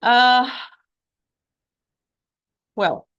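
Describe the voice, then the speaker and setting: A woman's voice: on the high side, a bit bright, clean tone, lo-fi sound. Patient woman teaching recitation. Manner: patient, repeats and checks with "okay?"; demonstrates sounds slowly. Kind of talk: online lesson.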